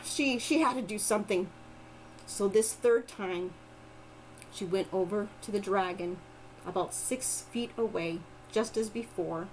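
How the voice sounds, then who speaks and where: A woman telling a folk tale aloud, expressive and lively. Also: mid-range voice, a little slow, a little hiss or hum, low-quality recording. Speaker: storyteller. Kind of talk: oral storytelling.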